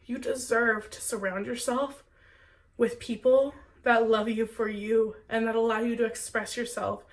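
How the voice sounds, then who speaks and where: A woman's voice: a little high, steady tone, unhurried. Earnest young woman, a little far from the mic. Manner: earnest, heartfelt, chatty with many "like"s. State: sick with a cold. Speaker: spiritual content creator. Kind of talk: Q&A vlog, talking to viewers.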